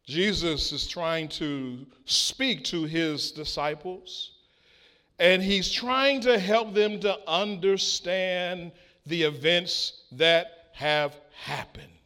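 Slow, high-voiced male preacher. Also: bright, forceful tone, smooth. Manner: slow, deliberate delivery with call-and-response prompts; acts out biblical speakers in quoted voices. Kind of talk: sermon with scripture reading.

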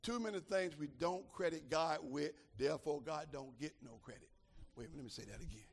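Gravelly older man preaching, shouting. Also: a little high, fairly quick. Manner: preaching with shouted climaxes and quiet asides. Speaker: pastor. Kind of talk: sermon.

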